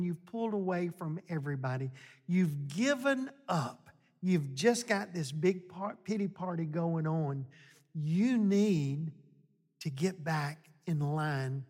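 This man preaches a sermon with a fairly high-pitched, darkish voice, speaking slowly and conversationally to the congregation before rising to emphatic exhortation. A long hall reverb surrounds the recording.

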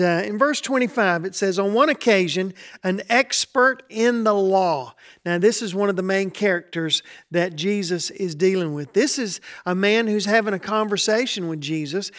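A man preaching a sermon, explaining a scripture passage verse by verse and slowing down to stress key points. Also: sits high, a bit bright. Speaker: pastor.

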